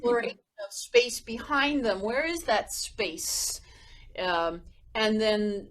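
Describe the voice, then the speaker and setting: Speaking slowly in a mid-range voice, this woman shares classroom stories on a music education podcast she co-hosts. The talk is casual, and she brings it to life by performing whispers and gasps.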